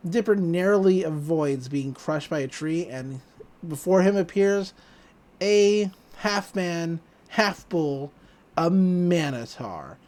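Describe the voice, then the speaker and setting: A woman's voice: fairly low pitch, slow. A woman hosting a podcast, casually recapping a cartoon episode with laughs and acted-out lines. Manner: animated, laughing, acting out quoted lines. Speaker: podcast host.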